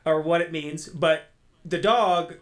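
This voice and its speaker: A man's voice: a little high, slow pace. A man chatting about a film on a podcast, enthusiastic and full of repeated words. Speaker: podcast co-host or guest. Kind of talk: casual movie chat.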